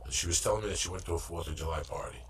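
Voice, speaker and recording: A man hosting a podcast, telling a story in a loud, animated and profane way. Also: low voice, very fast, slight background noise. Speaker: podcast host. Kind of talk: casual storytelling chat.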